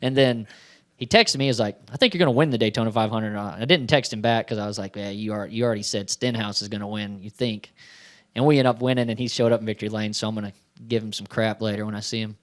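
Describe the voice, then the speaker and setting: A man's voice: fairly low pitch, fast talker. A man, a race car driver, answering questions at a press conference in a chatty storytelling way, acting out bits of dialogue.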